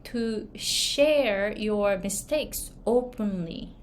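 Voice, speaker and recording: A woman with a Japanese accent talks extremely slowly in a mid-range voice, coaching viewers on online business and pronunciation. Her casual storytelling to camera is chatty, full of fillers and tag questions, and there's slight background noise.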